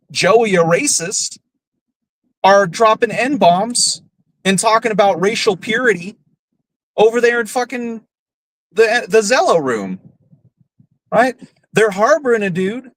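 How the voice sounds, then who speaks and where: A man's voice: sits high, a bit bright, low-quality recording. A man hosting a podcast, ranting bluntly and profanely with scorn. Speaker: podcast host. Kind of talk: casual ranting commentary.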